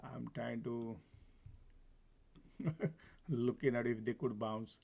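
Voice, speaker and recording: Slow and gravelly, this medium-pitched male voice has a darkish tone. He runs a live stock trading stream with market commentary, chatting casually, calling viewers folks and laughing a lot. His desk mic sometimes picks him up from a distance.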